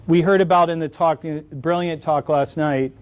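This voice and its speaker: A middle-aged man fields questions after his lecture in a conference hall, his voice sitting high for a man. He talks as a wry storyteller, slipping jokes into his answers. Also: steady tone, moderate pace. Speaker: conference speaker.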